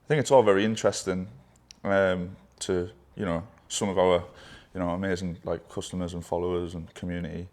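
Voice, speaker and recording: A man talks loosely with a friend, swearing freely and wandering through his thoughts with fillers. His voice sits a little low. The talk is easy and informal. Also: fairly quick, hardly any pauses. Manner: swearing, rambling, relaxed. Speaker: brand co-founder. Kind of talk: casual chat.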